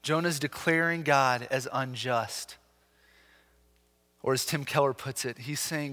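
A man preaching a sermon as pastor, talking earnestly with lively emphasis and frequent restarts. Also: mid-range voice, unhurried, long pauses, big-room sound.

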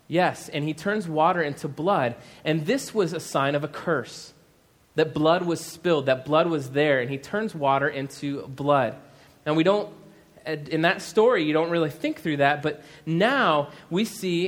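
Man in his thirties, pastor delivering a sermon; relaxed conversational delivery with a slightly high voice. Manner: conversational, with many fillers and asides.

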